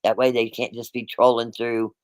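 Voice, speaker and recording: A livestream host with a middling-pitched voice chats casually with his viewers, addressing the chat directly and rambling, often circling back to repeat himself. His delivery is flat, smooth, and at normal speed. The sound is close and dry, without room echo.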